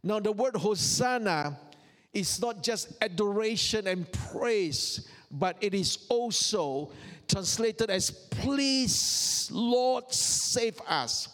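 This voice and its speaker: A man's voice: sits high, expressive, slow pace, fairly bright tone, in a large hall. A man preaching a sermon, earnest and full of rhetorical questions and repeated phrases. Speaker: pastor.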